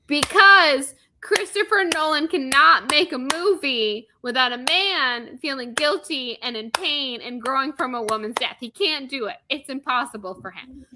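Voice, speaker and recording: A woman in her thirties, co-hosting a podcast, launches into a comedic, exasperated rant loaded with sarcasm and swearing. Her voice is fairly high, pushed, and bright.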